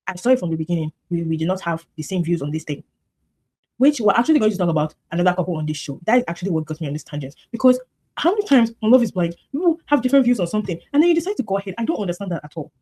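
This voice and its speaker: Animated woman giving casual commentary. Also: on the low side, rapid-fire, breathy edge. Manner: animated, repetitive, gossipy.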